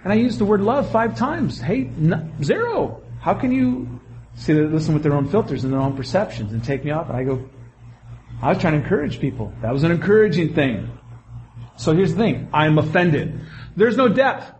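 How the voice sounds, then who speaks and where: A man preaching a sermon, animated, with quick asides and acted-out quotes. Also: on the high side, muffled recording, slight background noise. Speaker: pastor.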